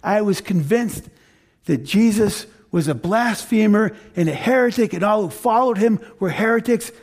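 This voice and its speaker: A man's voice: high voice, animated, moderate pace, a little mellow. A man preaching as the apostle Paul, telling in first person and with emphatic repeats how he became a believer. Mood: earnest. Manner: earnest first-person retelling, emphatic repetition. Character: apostle Paul, grown man, fervent former persecutor.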